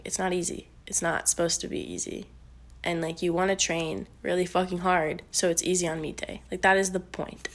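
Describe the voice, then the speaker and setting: This powerlifter vlogger speaks at a medium pitch with vocal fry. Talking casually to the camera in a talking-head vlog, she wanders off on tangents, swears and uses plenty of fillers, and she sounds slightly congested.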